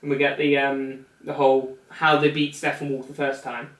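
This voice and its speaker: A man's voice: mid-range voice, level tone, moderate pace, a bit bright. A man co-hosting a casual film review chat, laughing often and acting out characters in silly voices. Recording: echoey room, mic at a distance.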